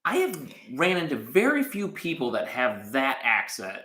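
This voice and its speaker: A man co-hosting a podcast, casually recapping an episode from his notes in a rambling, animated way. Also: mid-range voice, moderate pace, roomy sound, low-quality recording. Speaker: podcast co-host.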